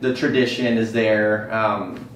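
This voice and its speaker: A man's voice: fairly low pitch, unhurried, recorded from a distance, slight background noise. Easygoing man heard off-mic in an echoey room. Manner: relaxed, easygoing, trailing off. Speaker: service technician. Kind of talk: casual interview chat.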